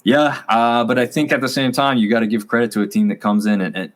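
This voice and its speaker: A man's voice: mid-range voice, steady tone, quick pace. A man co-hosting a college sports review show, chatting casually and rambling with fillers. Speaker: co-host.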